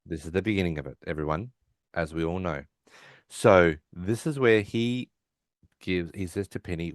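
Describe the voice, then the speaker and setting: A man's voice: low-pitched, normal speed, no room sound, studio quality. A man co-hosting a podcast, casually retelling scenes and acting out lines, with fillers. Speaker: podcast co-host. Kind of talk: casual recap chat.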